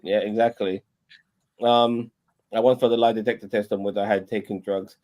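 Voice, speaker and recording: A man's voice: on the low side, little pitch movement, fairly quick, darkish tone. A man streaming in casual chat, rambling, repeating himself and swearing a lot.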